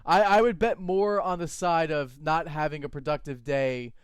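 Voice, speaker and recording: A man co-hosting a fantasy football show with animated, opinionated chatter. His voice is smooth and clear and sits slightly high. The sound is dry and close. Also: normal speed, dry recording. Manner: animated, laughs easily, opinionated. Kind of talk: casual sports chat.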